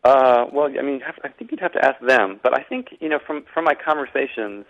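A man's voice: medium pitch, lively intonation, a little fast. A man from Boston, an author and guest, talking thoughtfully with many restarts over a tinny phone line. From Boston, United States. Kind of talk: casual interview conversation.

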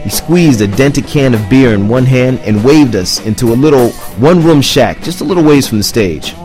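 A man's voice: medium pitch, animated, moderate pace, darkish tone, soft background music. A man hosting and narrating a documentary feature in a wry, conversational scripted style. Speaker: host and narrator.

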